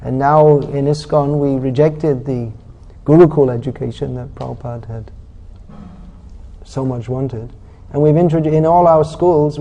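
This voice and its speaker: A man with a mellow, medium-pitched voice delivers a sermon as a preacher leading a scripture class in a temple or lecture hall. His manner is blunt, scolding, and sarcastic.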